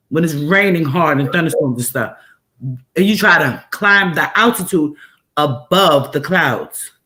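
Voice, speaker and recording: Animated New woman telling a story. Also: low-pitched. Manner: animated, emphatic, repeats phrases for effect. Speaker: host. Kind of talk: casual storytelling chat.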